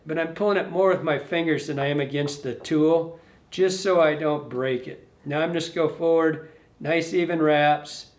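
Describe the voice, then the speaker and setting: Man, fly tying instructor, loose rambling delivery, pitched a bit high, roomy echo. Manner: rambling, self-correcting, talks to the fly as he works. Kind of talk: casual hands-on tutorial. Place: fly shop tying bench.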